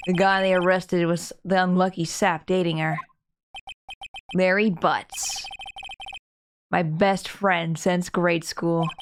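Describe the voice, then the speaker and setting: A woman's voice: fairly low pitch, slight background noise. A woman reading an earnest rookie lawyer. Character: young male rookie defense lawyer, earnest.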